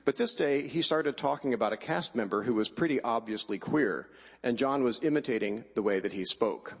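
A man's voice: medium pitch, fairly quick, husky. A middle-aged man giving a wry, emphatic personal speech at a choir event before introducing the choir. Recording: long hall reverb.

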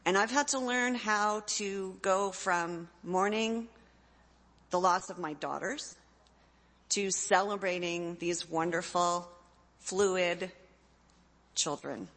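A woman's voice: on the low side, slow, pauses often, fairly bright tone. A middle-aged woman, a parent, giving an earnest, heartfelt talk to an audience. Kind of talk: personal speech to an audience. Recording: long hall reverb.

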